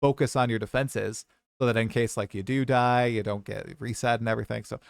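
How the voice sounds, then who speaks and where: A man hosting a relaxed gaming podcast, talking in a middling pitch with a chatty, hedging way of explaining. The sound is close and dry, with no room echo. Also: brisk, creaky. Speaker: podcast host. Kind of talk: casual gaming podcast chat.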